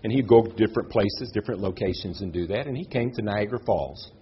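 A man preaching a sermon in an earnest way, pausing for effect and lifting his voice on key words. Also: slightly rough, muffled recording. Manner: earnest, with dramatic pauses and rises in pitch.

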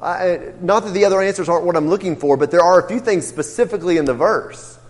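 A man's voice: high-pitched, quick pace, big-room sound. A man teaching an interactive Bible class, asking the group questions and acting out what the characters say. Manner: questioning, emphatic, acts out quotes.

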